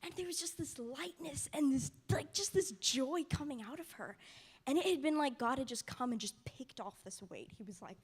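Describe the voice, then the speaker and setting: A young woman telling a personal faith testimony in a soft, casual way, often sinking to a near whisper. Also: high voice, animated, moderate pace. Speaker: mission trip participant sharing testimony.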